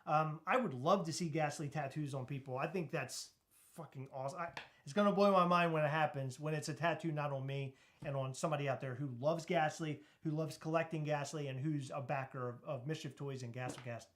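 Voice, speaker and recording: Higher-voiced man on a casual live stream. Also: a little fast, a bit bright. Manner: laughs easily, swears casually, reads chat comments aloud. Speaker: podcast co-host.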